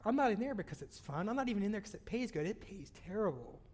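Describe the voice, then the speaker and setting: A man preaching a sermon, with sudden loud swells and soft drops in his voice. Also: high voice, sing-song, fast talker. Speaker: pastor. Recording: long hall reverb.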